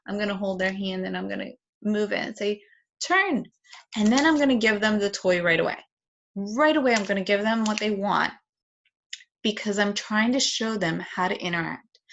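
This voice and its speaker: A woman's voice: medium pitch, a bit bright. A woman giving a patient, explanatory parenting lesson at home, demonstrating play with toys as she talks. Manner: patient, explanatory, plays out toy voices. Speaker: parenting educator. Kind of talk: instructional talk with toy demonstration.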